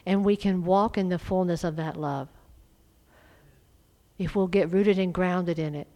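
A middle-aged woman preaching a sermon, fervent and emphatic, swelling into loud exhortation. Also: fairly low pitch, steady tone, a little slow, low-quality recording.

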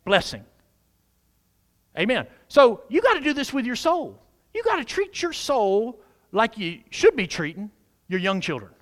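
A man preaching a sermon as pastor, animated, urging the congregation to respond. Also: very high voice, unhurried, pauses often.

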